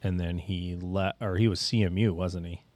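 A man's voice: sits low, steady tone, normal speed, a little mellow, dry recording. A man co-hosting a casual podcast in a small studio, chatty and joking. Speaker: podcast co-host. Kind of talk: casual chat.

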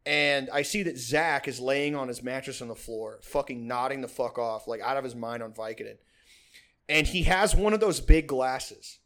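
A young male podcast host with a medium-pitched, fairly bright voice tells a long, rambling story at a moderate pace. The casual storytelling chat is profane and packed with "like" and laughter.

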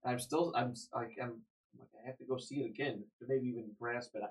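A man's voice: medium pitch, fairly even intonation, a little fast, rough recording. A man chatting as a podcast guest, rambling and correcting himself as he goes. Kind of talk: casual chat.

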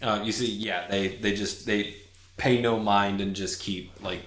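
A man runs a tabletop game in a fairly low voice, rambling through his narration with plenty of fillers. When characters speak he jumps into high put-on voices. He is recorded in an echoey room. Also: steady tone, measured pace, fairly bright tone. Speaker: game master.

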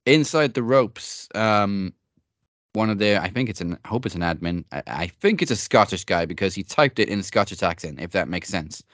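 A man's voice: low-pitched, expressive, moderate pace, a bit bright, no room sound. A man co-hosting a wrestling podcast in casual chat, laid-back and joking. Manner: laid-back, joking, with frequent fillers and laughs. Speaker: podcast co-host.

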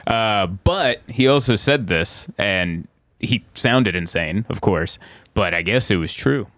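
A man's voice: on the low side, lively intonation, slow, a bit bright, dry recording. A man, a comedian hosting a podcast, riffing and joking in casual chat and laughing often.

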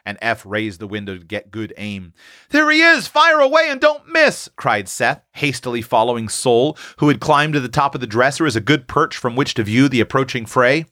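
A man reading a classic short story aloud, giving the characters' excited lines a raised, animated voice. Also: medium pitch, a little fast, hardly any pauses, no room sound, studio quality. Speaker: audiobook narrator.

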